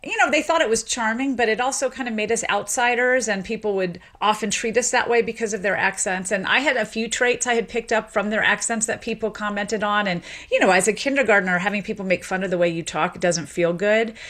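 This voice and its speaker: A woman's voice: mid-range voice, a little fast, hardly any pauses. A woman, a sociolinguist raised in Tennessee, giving long explanatory interview answers with frequent fillers. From Memphis, Tennessee. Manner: explanatory, lively, many fillers. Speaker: sociolinguist guest.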